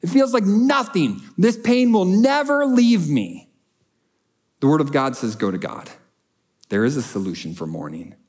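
Male pastor, higher voice, earnest conversational sermon delivery. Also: animated, unhurried, husky. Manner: earnest, conversational, swings between loud and hushed.

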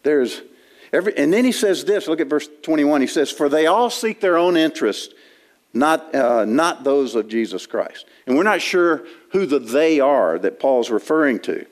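A man's voice: a little high, expressive, moderate pace. A man preaching an expository sermon in a church, talking in a conversational way with frequent restarts while he quotes and explains scripture. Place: church sanctuary.

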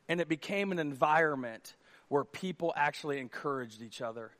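Male pastor, high-pitched voice, conversational sermon delivery with hushed lows and shouted highs. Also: animated, a little fast. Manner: conversational, drops to a hush for acted dialogue, then rises to near shouts. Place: church auditorium stage.

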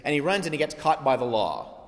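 A man preaching a sermon as pastor, telling stories in an animated, lively way. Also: a little high, quick pace. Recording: long hall reverb.

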